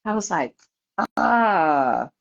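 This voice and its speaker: A woman's voice: lowish voice, very slow, vocal fry. A woman guest telling her own story in a candid interview, laughing often and acting out what others said. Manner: lively, laughing, acts out voices of others. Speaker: podcast guest. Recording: slightly dull lo-fi audio.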